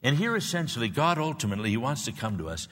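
A man's voice: medium pitch, big pitch swings, fast, fairly bright tone. A man in his sixties preaching a sermon in an earnest, repetitive way, building to emphatic peaks. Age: 60s. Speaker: pastor. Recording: long reverb of a large hall.

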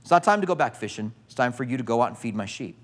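A man preaching who voices a calm, gentle male teacher, speaking softly and quietly. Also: mid-range voice, rapid-fire, voice pushed down, close to an everyday voice.

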